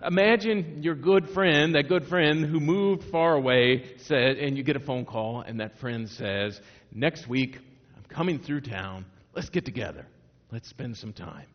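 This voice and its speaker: A middle-aged pastor from Northwest Indiana preaching a sermon in a casual, conversational way, full of restarts and rhetorical questions. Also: male voice, a little high. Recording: dull sound, long hall reverb.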